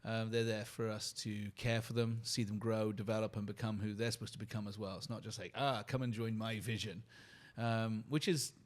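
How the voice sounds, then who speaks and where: Earnest British man, slow reflective pauses. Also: lowish voice, flat delivery. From United Kingdom. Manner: earnest, lists thoughts slowly with pauses. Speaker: guest, company leader and keynote speaker. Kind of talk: reflective conversational storytelling.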